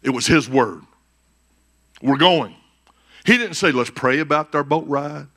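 A man preaching a conference sermon as pastor, swinging between shouted peaks and hushed, quiet passages. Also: on the high side, unhurried. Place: church conference stage.

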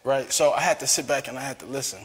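A man giving a personal testimony as a guest, an animated talker who laughs often. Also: medium pitch, fast, long reverb tail. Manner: lively, laughs often, calls himself a talker.

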